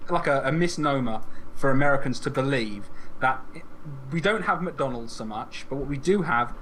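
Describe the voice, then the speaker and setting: A man's voice: on the high side, fairly bright tone. A young English man with an English accent, co-hosting a podcast in jokey banter that breaks into laughter. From England. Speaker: podcast host. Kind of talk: casual chat. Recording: noisy background hiss.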